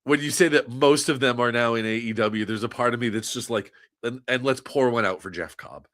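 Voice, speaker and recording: A man's voice: mid-range voice, brisk, fairly bright tone. A man co-hosting a wrestling podcast in casual chat, making dry, wry remarks with stammering restarts. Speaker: podcast co-host.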